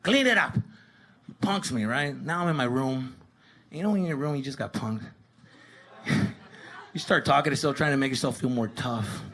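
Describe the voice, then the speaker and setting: A man doing a stand-up comedy set, animated, acting out yelling characters. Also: medium pitch, fairly quick, long pauses.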